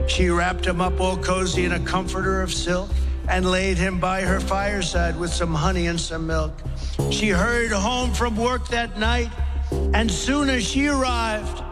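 A man slowly reciting a dramatic poem, then giving a grave warning as a talk show host. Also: sits high, fairly even intonation. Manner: slow, theatrical reading with a warning tone. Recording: over loud background music.

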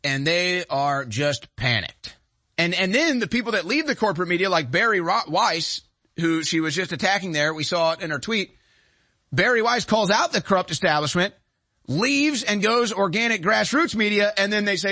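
A man's voice: high voice, animated, normal speed, bright, forceful tone, no room sound. A man hosting a talk show, giving emphatic, sarcastic political commentary.

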